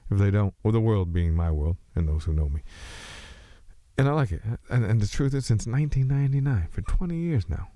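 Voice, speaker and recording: A very deep, mellow-voiced man with a slight Texas twang rambles through a solo podcast monologue. He is loose and joking and often mocks himself as he meanders from thought to thought. The sound is close and dry. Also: animated, brisk, no room sound. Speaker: podcast host.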